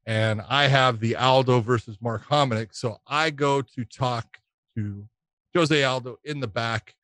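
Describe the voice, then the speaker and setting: A middle-aged man co-hosting a podcast, telling a long, animated anecdote with frequent laughter and swearing. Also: medium pitch, dry recording. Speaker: podcast co-host.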